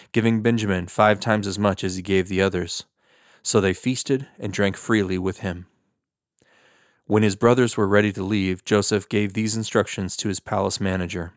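A man narrates scripture in a low, even-paced voice. His reading is steady and measured. The sound is dry and close, with no room around it. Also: dry recording. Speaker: scripture reader.

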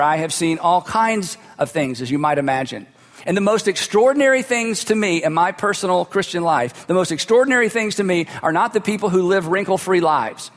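A man preaching a sermon as a pastor, telling stories in a conversational way with humorous asides. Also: high-pitched. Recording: long hall reverb.

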